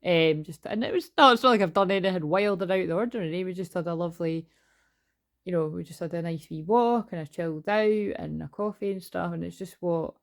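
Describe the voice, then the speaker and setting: A woman's voice: fairly low pitch, a little fast, creaky. A woman in her forties, rambling and swearing casually in a chatty spiritual talk from her bedroom. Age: 40s. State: tearful at moments. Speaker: tarot reader.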